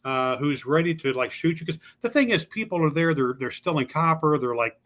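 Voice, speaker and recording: A bright, forceful male voice, slightly high for a man, spinning folksy anecdotes. He drawls casually as a podcast guest and slips into quick impressions of the people in his stories. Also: expressive. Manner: folksy, drawling storyteller who acts out the voices of people he met. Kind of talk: casual storytelling. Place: lives in Louisville.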